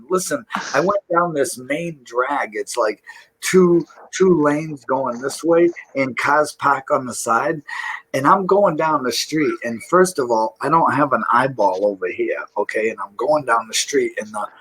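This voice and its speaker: A man telling animated stories with lots of laughter in a casual garage chat with friends. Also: mid-range voice, measured pace, breathy edge, low-quality recording. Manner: animated storyteller, laughs and swears.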